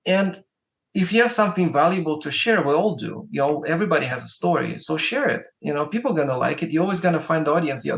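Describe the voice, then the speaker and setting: A man with a Russian accent, a music promoter appearing as a guest, rambles through casual advice, sprinkling in "like" and "right?". His voice is a little high, gravelly, and a bit bright.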